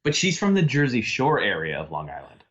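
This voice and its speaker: A man's voice: mid-range voice, wildly swooping pitch, a little fast, fairly bright tone, dull audio. A man from the New York area co-hosting a podcast in casual chat, dry and sighing. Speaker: podcast co-host.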